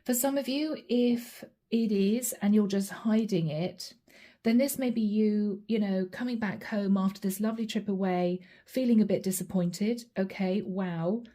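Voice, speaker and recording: Mellow-voiced woman doing a chatty tarot reading. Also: medium pitch, unhurried. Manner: chatty, addresses viewer directly, names cards as she draws. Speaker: tarot reader.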